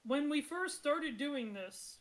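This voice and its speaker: A woman's voice: high voice, animated, slow pace, pitched above the performer's own voice, rough recording. A woman voicing a humble older male farmer who gives an earnest, slightly sentimental speech.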